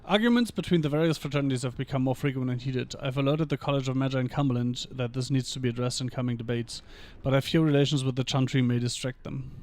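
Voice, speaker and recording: A man streaming a video game, reading in-game lore texts aloud in an even manner and dropping dry short asides between passages. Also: medium pitch.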